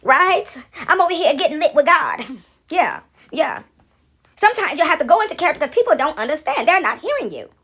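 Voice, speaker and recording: A woman's voice: high voice, very animated, fairly quick, fairly bright tone. An older woman talking casually about faith and acting out voices, playful and laughing often. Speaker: faith vlogger. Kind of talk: casual monologue, acting out God's voice.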